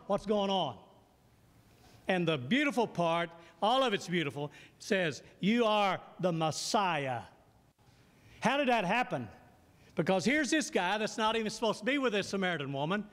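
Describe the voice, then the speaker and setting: A man's voice: high voice, a bit bright. A man preaching a sermon to a congregation, often asking them questions and waiting for their answers. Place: church sanctuary. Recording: long reverb of a church hall.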